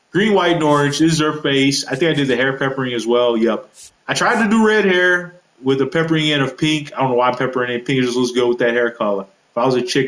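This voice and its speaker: Male gaming vlogger, mid pitch, loose and rambling delivery, roomy echo. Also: fairly bright tone. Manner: rambling, loose, with many fillers and self-corrections. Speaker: gaming video creator. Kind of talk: casual roster walkthrough.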